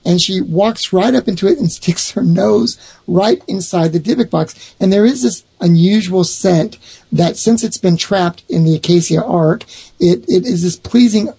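A middle-aged man telling a long personal story in casual talk, rambling and restarting his sentences, with a husky voice. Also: high voice, moderate pace, mellow. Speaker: owner of a haunted box, guest.

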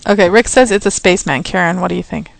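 A woman's voice: lowish voice, fast talker, creaky, background noise. A woman hosting a casual radio chat, quizzing her co-hosts in a teasing way. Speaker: host playing clips.

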